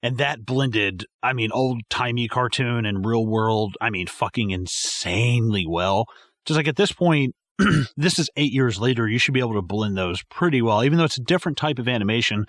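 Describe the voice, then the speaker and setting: A man co-hosting a casual movie podcast, profane and animated, often acting out lines from scenes. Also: mid-range voice, normal speed, dry recording, studio quality. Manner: animated, profane, acts out quotes. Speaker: podcast co-host. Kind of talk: casual movie review chat.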